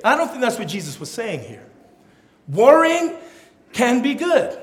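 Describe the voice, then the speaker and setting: A young man preaching a sermon to a live audience, animated and playful, acting out little scenes. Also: very high-pitched, a little slow, reverberant. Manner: animated, playful, acts out quotes with voices. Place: hall or church with an audience.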